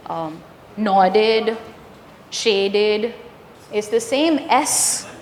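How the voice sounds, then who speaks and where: A woman's voice: fairly high pitch, a little hiss or hum. A woman leading an interactive teacher training workshop, asking the room questions and confirming their answers. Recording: echoey room with long reverb.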